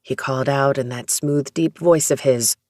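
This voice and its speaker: An audiobook narrator reading a first-person romance story in a steady, even storytelling manner. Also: medium pitch, moderate pace, no echo, clean studio sound.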